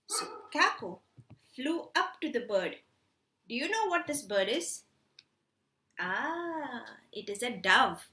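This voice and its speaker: A woman teaching a children's story class, expressive and animated, often asking the kids questions. Her voice is bright and high, and she speaks slowly. The room is echoey. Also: slight background noise.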